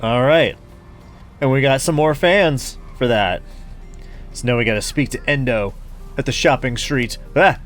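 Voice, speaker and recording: A man's voice: medium pitch, measured pace, long pauses, soft background music. A man playing through a story game, reading all the characters' lines aloud and joking about them. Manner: reads every character aloud, switching voices; jokey, laughs at the game. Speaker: gaming YouTuber. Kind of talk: let's play, voicing game dialogue.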